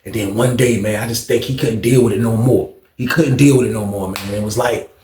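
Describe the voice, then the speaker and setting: A man telling a story in a casual monologue, slangy and animated, often checking in with his listeners. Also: lowish voice, brisk, roomy sound. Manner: slangy, animated, repeats "you know what I mean".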